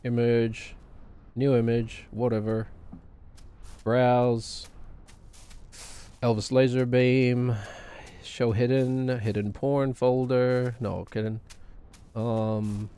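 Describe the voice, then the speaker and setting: A man's voice: mid-range voice, flat delivery, extremely slow, long pauses, dark tone, clear, resonant tone. A man streaming a game, chatting in a rambling, joking way with self-deprecating asides. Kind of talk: casual gaming stream chatter.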